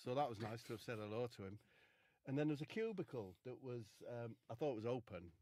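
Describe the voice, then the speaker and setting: A man telling a rambling comic story in a deadpan way, with casual swearing. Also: medium pitch, fast, a little hiss or hum. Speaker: comedian.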